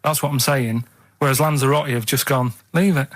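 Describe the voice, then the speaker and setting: A man on a radio show, chatting casually and telling rambling, halting stories full of restarts. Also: medium pitch, steady tone, a bit bright. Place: radio studio.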